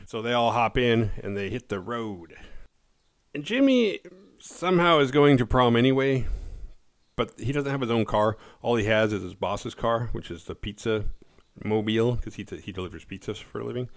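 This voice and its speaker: A man casually recapping a horror movie's plot, laid-back and profane, slipping into quick voices for the characters. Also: medium pitch, expressive, dry recording, studio quality.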